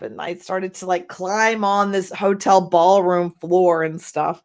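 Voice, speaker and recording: A middle-aged woman from Texas giving an energetic, emphatic masterclass talk as a marketing coach, reading viewer comments aloud. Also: mid-range voice, measured pace.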